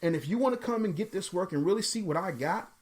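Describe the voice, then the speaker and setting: A man's voice: high voice, lively intonation, fast, a little mellow. A man giving a live motivational talk in a punchy, preachy way. He uses casual slang and repeats words for emphasis, driving each point home to the listener. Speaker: motivational podcast host.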